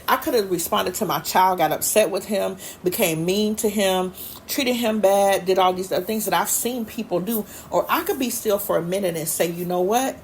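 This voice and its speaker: A woman's voice: medium pitch, slight background noise. A woman hosting a podcast, telling personal stories in an earnest, looping, faith-filled way. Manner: earnest, storytelling, loops back and repeats. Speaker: podcast host. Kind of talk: personal faith-based talk.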